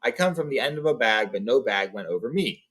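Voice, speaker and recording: A man's voice: mid-range voice, animated, brisk, a bit bright, husky. A man voicing a small, clever male hobbit burglar who speaks politely and in riddles. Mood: flattering.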